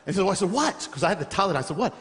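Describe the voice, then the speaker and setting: A man preaches with a fairly high, bright voice, spinning a lively anecdote and chuckling between lines. His voice carries a long reverb from a large hall. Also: rapid-fire. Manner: animated, laughing through a funny story. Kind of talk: sermon storytelling.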